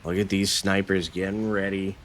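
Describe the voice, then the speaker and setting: A man doing esports play-by-play commentary, with rapid calls that jump up in pitch when goals go in. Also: level tone, fairly bright tone, soft background music.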